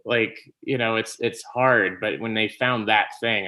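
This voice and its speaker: A man, a podcast guest, telling stories in casual conversation, animated and laughing often. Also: on the low side, unhurried, hardly any pauses. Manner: animated storytelling, laughs often, trails off and restarts.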